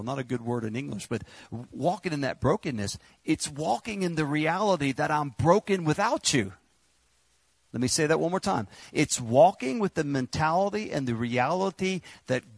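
A man preaches in a loose, conversational sermon, trailing into joking asides and repeating words as he goes. His voice sits a bit high for a man and carries a gravelly edge. The sound is dry and close, with no room around it. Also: no echo. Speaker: pastor.

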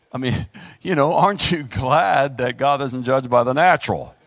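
A middle-aged male pastor preaching a sermon, animated, acting out voices and talking straight to the congregation. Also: mid-range voice, a little slow, no room sound.

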